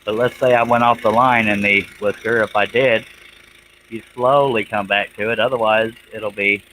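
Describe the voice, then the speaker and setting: A man's voice: on the low side, steady tone, normal speed, a bit bright, a little hiss or hum, rough recording. A man, chatting casually with viewers while he works a scroll saw on a livestream. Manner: folksy, chatty, reads out viewer comments.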